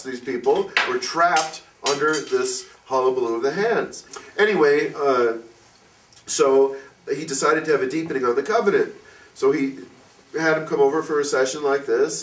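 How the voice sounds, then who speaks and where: A man's voice: medium pitch, a bit bright. A man telling an informal religious story at a fireside gathering, rambling with many fillers and acting out the people he quotes. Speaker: fireside speaker. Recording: distant mic in echoey room.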